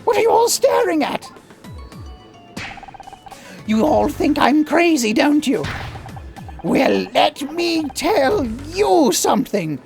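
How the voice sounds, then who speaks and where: A man's voice: very high-pitched, sing-song, slow, vocal fry, pauses often, a little mellow, faint music behind, voice pushed up, heavily acted. A man voicing a drunk, flustered middle-aged male TV host who stammers and rambles. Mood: drunken. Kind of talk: voicing a game character.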